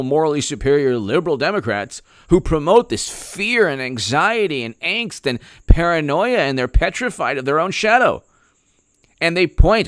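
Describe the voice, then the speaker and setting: A man's voice: a little high, fairly bright tone, no echo, studio quality. A male political commentator ranting in a sarcastic, mocking way, often laughing. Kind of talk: opinion vlog rant.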